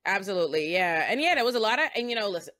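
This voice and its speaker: A woman's voice: medium pitch, big pitch swings, rapid-fire, a bit bright. A woman hosting a casual panel chat over a video call, blunt and profane, pressing her points hard. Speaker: host.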